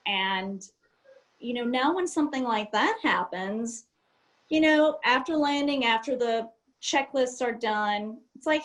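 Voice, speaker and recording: High-voiced woman telling pilot stories. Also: measured pace, low-quality recording. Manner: animated, laughs often, acts out cockpit dialogue. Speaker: airline captain and guest. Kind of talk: casual storytelling interview.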